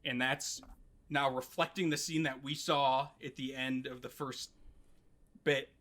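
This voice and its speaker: A young man hosting a podcast, recapping an anime story in a casual, animated way, briefly acting out characters and swearing. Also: medium pitch, measured pace.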